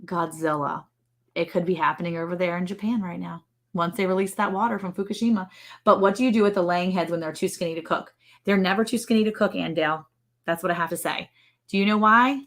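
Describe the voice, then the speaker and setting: A woman's voice: fairly low pitch, fast, fairly bright tone. A woman hosting a casual livestream from her ranch, chatting playfully and joking while reading out viewer comments. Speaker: livestream show host. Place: ranch home.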